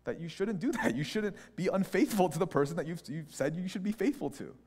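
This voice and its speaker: A man preaching a conversational sermon as a pastor, telling stories in an animated, opinionated way. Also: high-pitched, brisk, slightly rough. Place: church sanctuary. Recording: long church hall reverb.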